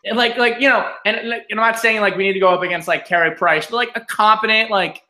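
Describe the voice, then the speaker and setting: A man co-hosting a casual hockey podcast, ranting in an animated way and often saying "like" and "listen". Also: sits high, fast, reverberant. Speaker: podcast co-host.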